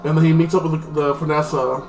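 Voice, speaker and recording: A man's voice: fairly high pitch, level tone, fast, a little mellow. A man giving a casual, rambling recap of a TV episode, filling his talk with constant "like". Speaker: TV episode reviewer. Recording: echoey room with faint music.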